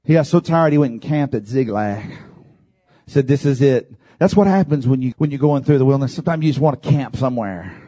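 Husky-voiced fervent shouting preacher. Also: male voice, mid-range voice, expressive. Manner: fervent, shouting climaxes, dramatic pauses. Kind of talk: sermon.

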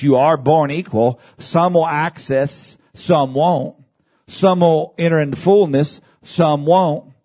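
Animated male preacher with soaring pitch. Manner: preaching with big swings in pitch, shouting at peaks; addresses congregation with calls of amen. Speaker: pastor. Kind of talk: sermon.

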